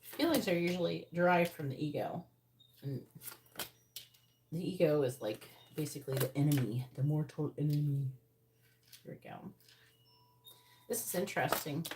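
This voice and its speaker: Casting: woman tarot reader on a live stream, low voice, blunt and profane, loud noise behind. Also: normal speed, pauses often. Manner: blunt, profane, sounds angry. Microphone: earbuds.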